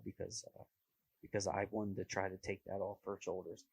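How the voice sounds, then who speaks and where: A man's voice: low voice, little pitch movement, brisk, vocal fry, a little mellow, breathy edge, no echo, low-quality recording. A young man hosting a podcast, chatting casually with a rambling, self-mocking humor and lots of fillers. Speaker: podcast host. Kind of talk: casual chat.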